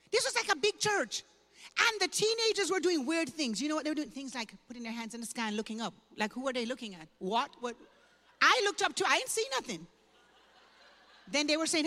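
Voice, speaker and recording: High-voiced woman preaching in an echoey hall. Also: brisk. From Jamaica. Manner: animated, humorous, emotional storytelling. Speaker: pastor giving her testimony. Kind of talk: sermon testimony told as a story. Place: large church hall at a women's event.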